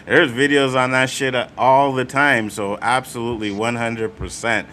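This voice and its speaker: A man hosting a loose podcast chat with a bright, forceful voice and a laid-back, slangy way of talking. He laughs often between points. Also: medium pitch, level tone, moderate pace, slight background noise. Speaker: podcast host. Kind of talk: casual chat.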